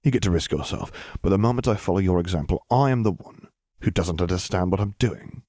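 A man's voice: deep voice, expressive, brisk, mellow, no echo, studio quality. A man voicing an icy, defiant young man arguing with his father in clipped, cold retorts. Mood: cold bitter.

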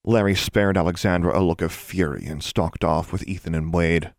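A man reading a fantasy story aloud in a measured, even narration. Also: low-pitched, vocal fry, no room sound, clean studio sound. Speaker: audiobook reader.

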